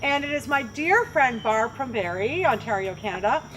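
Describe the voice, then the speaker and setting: A woman hosting a show, coaching her viewers straight to camera in an animated, playful way and acting out little quotes. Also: on the high side, normal speed, noisy background. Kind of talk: direct-to-camera coaching talk.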